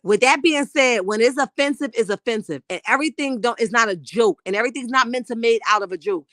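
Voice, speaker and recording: A woman hosting a live stream, reading viewer comments aloud in a sassy, animated way and calling people honey. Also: fairly high pitch, fast, dry recording, clean studio sound. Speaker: livestream host reading chat. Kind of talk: casual live chat.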